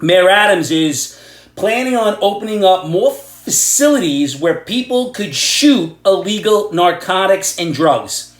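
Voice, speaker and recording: A middle-aged man from Ireland rants with heavy sarcasm. His voice sits high for a man and swings widely up and down as he scoffs and jeers. The room around him is echoey. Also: lively intonation, measured pace. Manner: loud, sarcastic, ranting. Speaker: vlogger ranting about the news. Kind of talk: angry political rant vlog.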